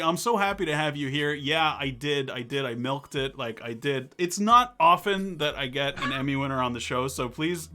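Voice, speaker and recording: A man hosting a livestream talk show, excitable and animated, thanking chat viewers as he goes. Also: on the high side. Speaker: host.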